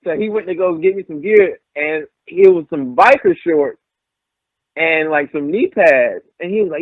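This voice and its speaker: Young male guest, animated storyteller, dry lo-fi phone-like sound. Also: on the high side, moderate pace, no echo. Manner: animated storyteller, acts out quotes. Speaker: pro wrestler, guest. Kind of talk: casual storytelling interview. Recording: tinny phone-like line, dry.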